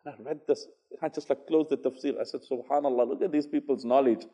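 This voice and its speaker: A man giving an Islamic religious lecture, telling stories, acting out dialogue and reciting Arabic verses quickly. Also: medium pitch, steady tone, dark tone, breathy edge, highs cut off. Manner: conversational, fillers, repeats phrases for emphasis.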